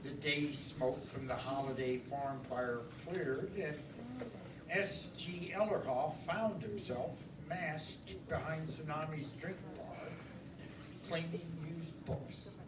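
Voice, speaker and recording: A man introduces a guest author at a live bookstore event, speaking slowly and with small halts. His voice is fairly high and comes from a distant mic, with the room echoing and noise clearly behind him. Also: fairly even intonation. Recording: echoey room, distant mic, crowd hum.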